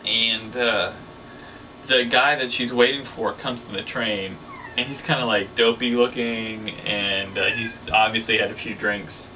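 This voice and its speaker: Male host telling a casual rambling story; crisp bright tone, mic a bit distant. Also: fairly low pitch, fairly even intonation, measured pace, a little hiss or hum. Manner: rambling, filler-heavy storytelling. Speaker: show host. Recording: slightly distant mic, faint ambience.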